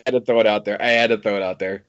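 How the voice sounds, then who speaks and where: A man co-hosting a casual podcast chat, talking in a lively, laughing way with some casual swearing. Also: fairly low pitch, very fast. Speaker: podcast co-host. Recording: dull lo-fi podcast audio.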